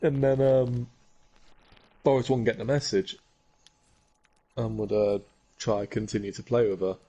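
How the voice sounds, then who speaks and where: Young man, husky voice, very slow, hesitant with ums, casual chat. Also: mid-range voice, lo-fi sound. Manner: relaxed, hesitant, many ums. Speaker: podcast co-host.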